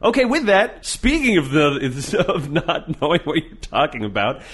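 Man, podcast host, casual banter, profane, mocking, lively varied pitch. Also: moderate pace, slightly rough. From Canada.

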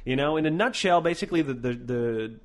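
Man, podcast co-host, casual profane chat, animated, swings in pitch. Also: fairly quick. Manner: animated, swears a lot, shouts for emphasis.

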